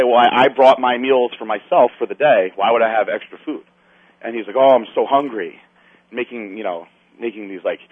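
A man's voice: mid-range voice, no echo. A man telling a story in casual chat, acting out the other people's lines and swearing as he goes. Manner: animated storyteller, acts out quotes, swears. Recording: tinny phone-line sound.

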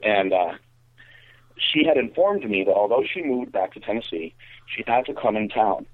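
A man's voice: on the low side, lively intonation, normal speed, no room sound. A man telling a casual, profane anecdote, rambling with fillers. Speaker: storyteller. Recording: tinny phone-like audio.

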